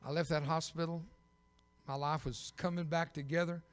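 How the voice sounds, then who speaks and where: Older guy preaching his life story in a church, kinda high voice, loud punchy bits and dry jokes, big echo. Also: steady tone, normal speed, clear, resonant tone. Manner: storytelling with bursts of loud emphasis and dry humor. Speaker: evangelist. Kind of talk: preaching a testimony sermon. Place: church sanctuary. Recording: long reverb of a big church.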